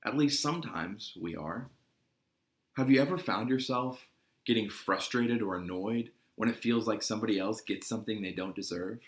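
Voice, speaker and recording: A man's voice: lowish voice, normal speed. A man giving a conversational sermon to young people, earnest and asking his listeners questions. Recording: roomy echoing room.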